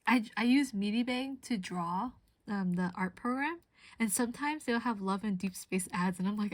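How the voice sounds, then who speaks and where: A woman's voice: mid-range voice, normal speed, no room sound. A woman streamer chatting casually while crafting, giggly and laughing often as she tells stories.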